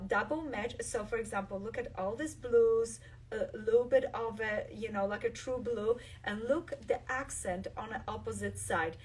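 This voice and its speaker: Enthusiastic quilting host, a bit off-mic. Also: female voice, a little high, far from the mic, slight background noise. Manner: enthusiastic, shows fabrics while talking. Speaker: quilt designer hosting a live stream. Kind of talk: live craft demonstration.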